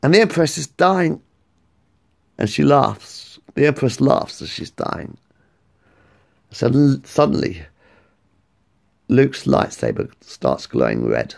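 A man telling a made-up story in a casual, rambling, excitable way, swearing freely. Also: mid-range voice, slow pace, creaky, long pauses. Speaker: vlogger.

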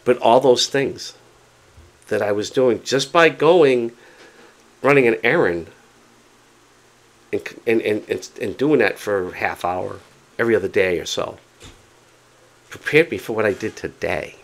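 A man casually telling a story to camera, chatty and animated, often repeating himself for emphasis. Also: on the low side, a little slow, gravelly, long pauses. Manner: excited, determined. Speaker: vlogger.

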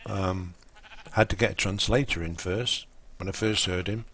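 A man's voice: deep voice, fairly even intonation, normal speed, a bit bright, slight background noise. A man chatting casually and rambling while he plays a game on a live stream. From England. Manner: rambling, full of ums and restarts.

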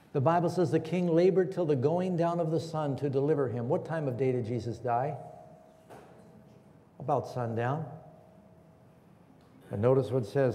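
Guy preaching in a church, mellow voice, keeps asking the crowd questions, echoey hall. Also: medium pitch, slight background noise. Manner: asks the congregation questions. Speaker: pastor. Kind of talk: sermon.

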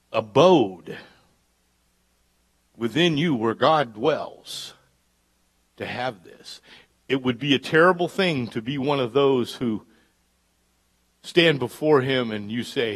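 A pastor preaching a live church sermon, dropping to hushed asides and climbing to loud, emphatic peaks. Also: male voice, mid-range voice, slow, pauses often, husky. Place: church service.

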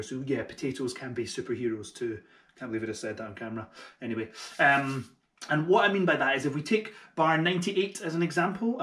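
A friendly man teaching double bass in an echoey room. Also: fairly bright tone. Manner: friendly and encouraging, with light self-mocking jokes. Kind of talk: online music tutorial.

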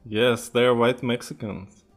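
A man's voice: medium pitch, steady tone, slow, over music. A man chatting casually on a video call, teasing and laughing often. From Russia. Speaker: host.

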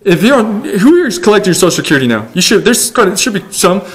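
A young adult male pastor delivers a sermon in a notably high voice. He tells stories with lively energy, drops humorous asides, and plays out his own earlier frustrations to make a point. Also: quick pace. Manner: animated storytelling with humorous asides; acts out his own past rants.

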